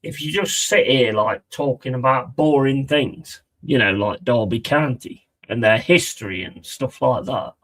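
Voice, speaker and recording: A man's voice: medium pitch, measured pace, few pauses, fairly bright tone, rough recording. A man chatting casually on a live stream, rambling, mocking and swearing a lot.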